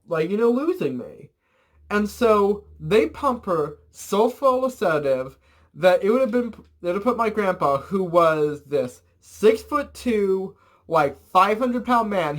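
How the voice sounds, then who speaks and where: High-voiced young man rambling a story. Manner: rambling, filler-heavy, animated storytelling with swearing. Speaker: vlogger. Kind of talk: casual storytime vlog.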